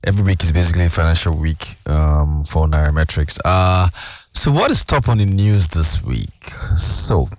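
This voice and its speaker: A man's voice: low-pitched, lively intonation, normal speed, no echo. A man, a guest explaining financial news at length in casual chat, with many fillers. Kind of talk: casual radio-style chat.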